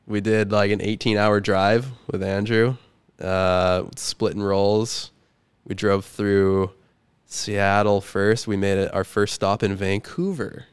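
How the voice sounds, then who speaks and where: A young man talks in a relaxed podcast chat, his delivery loose and full of "like" and restarts. His voice sits fairly low and sounds smooth and resonant. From Canada. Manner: rambling, filler-heavy storytelling. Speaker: podcast guest. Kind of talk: casual chat.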